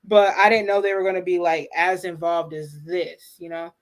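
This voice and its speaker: A woman co-hosting a live watch party, talking in an excitable casual way with lots of fillers. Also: on the low side, moderate pace. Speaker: livestream co-host.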